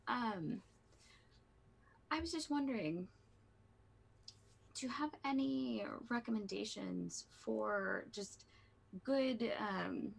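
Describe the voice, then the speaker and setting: A woman playing a polite, friendly young adventurer who asks questions in a halting, curious way in a tabletop role-play. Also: on the high side, lively intonation, vocal fry, husky, pitched above the performer's own voice, heavily acted.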